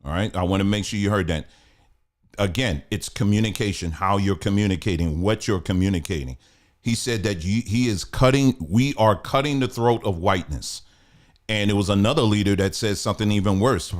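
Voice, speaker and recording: A man hosting a commentary channel, talking earnestly and repetitively, checking that his listeners follow along. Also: fairly low pitch. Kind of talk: conversational commentary monologue.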